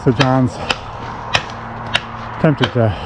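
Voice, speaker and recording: A man hosting his show while logging in the winter woods, explaining in a plain, folksy, unhurried way. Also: mid-range voice. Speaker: host, horse logger. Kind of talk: casual explaining while working. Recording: loud outdoor work noise, wedge tapping. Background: hammering and chopping.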